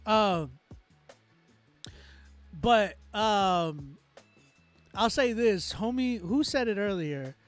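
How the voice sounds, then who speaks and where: A man's voice: high voice, expressive, drawn-out words, pauses often. A man from Texas, a music producer hosting a casual livestream, reading chat aloud and giving loose, talkative critique with frequent laughs.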